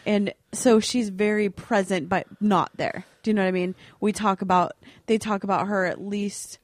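A woman's voice: medium pitch, fairly even intonation, normal speed, dry recording. A woman co-hosting a podcast, talking in an earnest, rambling, hesitant way in casual chat. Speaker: podcast co-host.

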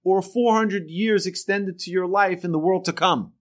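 A man's voice: sits high, moderate pace, voice pushed up, natural voice. A man voicing a heavenly voice that makes a solemn declaration. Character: grand heavenly voice.

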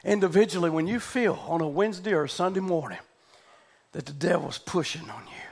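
A man preaching a revival sermon, fervent and shouting out hallelujahs as he prays over the congregation. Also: sits high, brisk, vocal fry. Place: church building with congregation.

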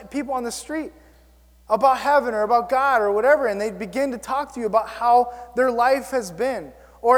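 High-voiced man preaching in a reverberant hall. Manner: animated, self-mocking storytelling. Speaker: pastor. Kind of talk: sermon.

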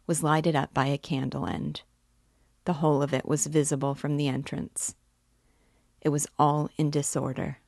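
Low, slow woman reading a novel aloud. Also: dry recording, clean studio sound. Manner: measured, even reading. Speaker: literature guide and reader. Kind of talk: audiobook narration.

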